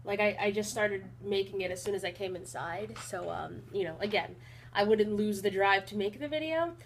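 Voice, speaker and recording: A young woman talking casually in a rambling vlog, with an even, not very emotional delivery and lots of fillers. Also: mid-range voice, moderate pace, a little hiss or hum. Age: young adult. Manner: rambling with many fillers and restarts. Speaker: college vlogger.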